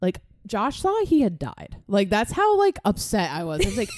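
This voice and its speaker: A woman co-hosting a podcast, telling stories in an animated, casual way, swearing freely and laughing often. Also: medium pitch, moderate pace, no room sound, studio quality. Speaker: podcast co-host. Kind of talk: casual chat.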